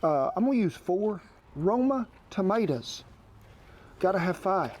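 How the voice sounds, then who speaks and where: A man with a drawl walks viewers through a recipe in a homespun, colloquial way. His voice sits a bit high for a man. A faint noise runs behind him. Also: animated, measured pace, darkish tone. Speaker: cooking show host. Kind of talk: folksy cooking demonstration. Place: outdoor cooking setup.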